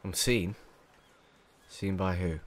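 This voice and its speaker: Deep-voiced English gamer, jumpy and swearing. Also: male voice, slow. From England. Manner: jumpy, swearing, panicky muttering. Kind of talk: let's play commentary. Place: small hot room at home.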